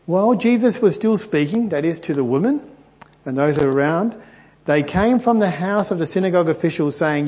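A husky, somewhat high-voiced man preaches through a Bible passage. He is earnest and animated, often lifting his pitch and volume on key points, with a slightly stuffy throat. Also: normal speed. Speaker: pastor. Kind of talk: Bible teaching.

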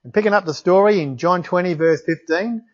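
A man's voice: high voice, a little fast. A man preaching a sermon, reading scripture aloud and exclaiming in wonder at it. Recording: dull lo-fi recording.

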